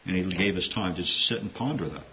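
A man with a lowish voice preaches in a loose, talky way, wandering into asides. The recording is dull and lo-fi, with a faint hiss running underneath. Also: fairly quick. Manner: conversational, digressive, with asides. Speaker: pastor. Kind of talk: sermon.

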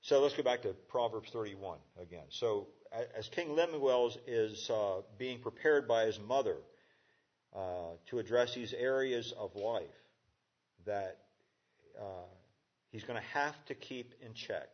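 A man preaching a conversational sermon as a pastor, halting with fillers and restarts. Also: on the low side, highs cut off.

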